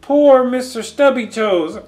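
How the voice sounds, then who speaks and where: Eager little girl, as a man puts her on, pleading, lilting voice, slow storybook reading, faint music behind. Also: extremely high pitch, expressive, darkish tone, full character voice.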